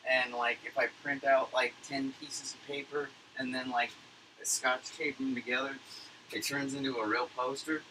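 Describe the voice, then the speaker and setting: A man's voice: mid-range voice, little pitch movement, normal speed, background noise. A man rambling through a casual, profanity-laced monologue as a livestreamer at home at his computer. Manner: rambling, profane, filler-heavy. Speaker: livestreamer recapping a conference.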